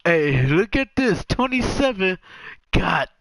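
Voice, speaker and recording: A man giving casual, jokey commentary over a football video game, acting out the players in quick asides. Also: high voice, big pitch swings, gravelly, a bit bright, no echo, rough recording. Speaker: gaming commentator.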